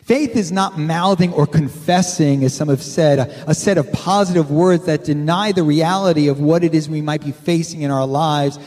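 A male pastor with a notably high voice preaching to his congregation in an easy, conversational way, often calling out for an amen. His words ring through the long reverb of a large church sanctuary. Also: moderate pace, few pauses, a little mellow. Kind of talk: sermon.

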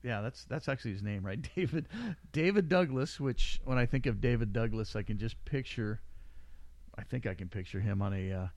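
A man's voice: fairly low pitch, a little fast, a little mellow, no echo. A middle-aged man hosting a podcast in casual chat, rambling and joking with frequent laughs. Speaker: podcast host. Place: small studio room.

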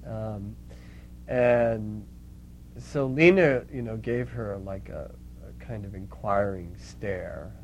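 A man's voice: on the low side, a little hiss or hum, rough recording. A man telling an anecdote in a casual, reminiscing way, acting out the voices in his story. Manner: lively storyteller who acts out quoted voices. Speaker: storyteller recalling the Catholic Worker.

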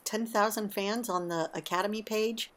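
A woman hosting a casual morning monologue, talking in an animated, emotional way with frequent asides. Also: mid-range voice, moderate pace. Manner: warm, emotional, animated storytelling. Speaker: podcast host.

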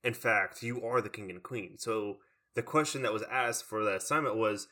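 Young man, casual rambler, low and bright voice, chatty podcast cohost. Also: normal speed. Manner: rambling, full of "like" fillers. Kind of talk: casual chat.

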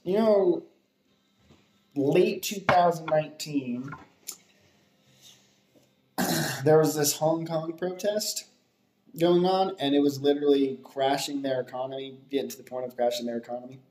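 A man's voice: on the high side, fairly even intonation, measured pace, pauses often, darkish tone. A man telling stories in casual chat on a podcast. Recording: echoey room.

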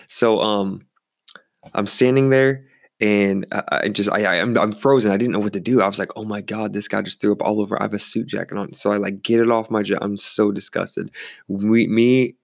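A young man tells bar stories in a loose, rambling way, swearing freely and slipping into the voices of the people he quotes. His voice is low and gravelly. The sound is dry and close. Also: a little fast, no room sound. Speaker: bartender. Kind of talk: casual storytelling.

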